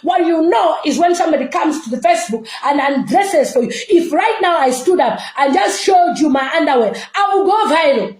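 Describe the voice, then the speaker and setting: A woman's voice: high voice, lively intonation, normal speed, hardly any pauses, darkish tone, echoey room, rough recording. A woman from Zambia, giving an impassioned, scolding reaction rant full of rhetorical questions. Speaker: online commentator.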